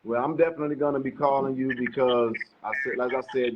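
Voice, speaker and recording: A man's voice: medium pitch, steady tone, quick pace. A man with a Chicago accent hosting a casual live chat, reassuring and repeating himself. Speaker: host. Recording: muffled and noisy stream audio.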